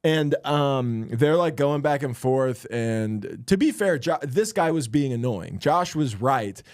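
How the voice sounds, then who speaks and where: A young man, a stand-up comic co-hosting a podcast, telling a story in lively bursts and laughing as he goes. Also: mid-range voice, slow pace, no echo, studio quality. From Florida. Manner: animated storyteller, laughs mid-sentence. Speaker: stand-up comedian and podcast co-host. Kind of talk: casual podcast chat.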